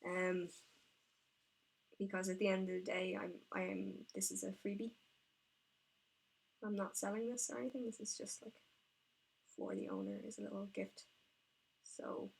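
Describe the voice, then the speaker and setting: A woman who paints miniatures and streams it, chatting casually and excitably, rambling and talking to herself as she works at her painting desk. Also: medium pitch, vocal fry, husky. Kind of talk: casual live-stream chat while painting.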